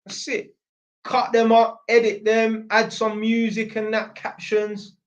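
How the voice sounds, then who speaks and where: Man, somewhat high-pitched, blunt, slangy, swears freely, casual livestream Q&A host. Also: completely flat delivery, slow, lo-fi sound. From Northampton, England. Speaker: channel host answering viewer questions.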